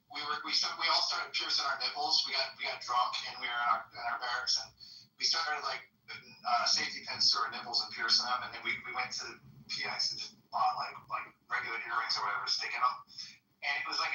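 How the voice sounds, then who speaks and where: A male podcast host telling quick, chatty anecdotes in casual talk. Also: mid-range voice, pushed and bright, reverberant, far from the mic, poor audio. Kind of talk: casual storytelling chat.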